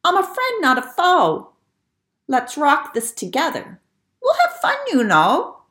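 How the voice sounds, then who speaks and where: A woman voicing a tiny, timid but eager young male mouse in a storybook, in a squeaky, earnest voice. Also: wildly swooping pitch, measured pace, fairly bright tone, full character voice. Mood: friendly.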